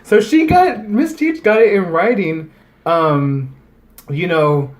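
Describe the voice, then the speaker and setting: A man with a somewhat high voice tells a story in casual podcast chat. He swears freely and slips into the voices of the people he describes. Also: lively intonation, slow pace. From United States. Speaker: podcast co-host.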